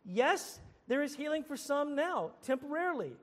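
A man's voice: extremely high pitch, sing-song, moderate pace, in a large hall. A man preaching a sermon as pastor, earnest, often repeating and restarting his phrases.

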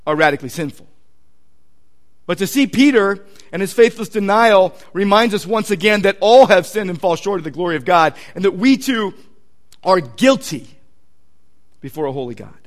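Man in the pastor role, a high voice with a Southern Californian accent, lively and conversational in the pulpit, shouts out the quoted lines. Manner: animated, acts out quotes with sudden loud outbursts; conversational, repeats words while searching for them. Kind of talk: sermon.

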